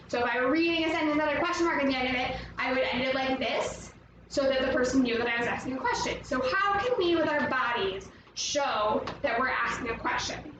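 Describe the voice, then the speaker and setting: A woman teaching a children's movement lesson, upbeat and encouraging, explaining each step. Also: high-pitched. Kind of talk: guided movement lesson for kids. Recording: echoey room, mic at a distance, music playing.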